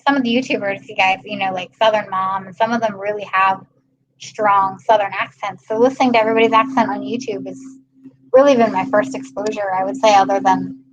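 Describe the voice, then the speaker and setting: A young American woman from Maryland hosts a casual livestream, chatting and reading out viewer comments, laughing often. Her voice is medium-pitched, and the audio has cut-off highs and a little hiss or hum.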